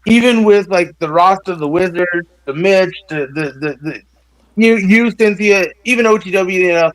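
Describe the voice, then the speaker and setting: A man rambling excitedly on a livestream panel, with lots of stammered restarts. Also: high voice, moderate pace, no room sound, low-quality recording. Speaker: panel guest.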